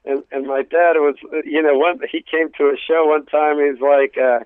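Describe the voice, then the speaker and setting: A stand-up comedian from New York City with a New York accent, telling family stories in a casual interview, full of restarts and acted bits. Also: male voice, a little high, steady tone, normal speed, hardly any pauses, clean tone, no room sound. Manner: storytelling with acted family voices, many restarts. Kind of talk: casual radio interview chat. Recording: tinny phone line.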